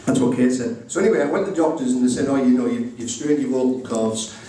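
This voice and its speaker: A man's voice: medium pitch, quick pace, mellow, slight background noise. Middle-aged guy doing his groom speech, funny story, plays both sides of the chat, super echoey room, mic way off. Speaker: groom giving a wedding speech. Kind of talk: humorous wedding speech anecdote. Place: indoor wedding reception room. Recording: very echoey room recorded from far off.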